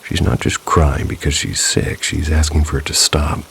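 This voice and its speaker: A man voicing an old female village healer who gives calm, cryptic warnings in a slow, hushed way. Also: a bass voice, gravelly, slight background noise, full character voice.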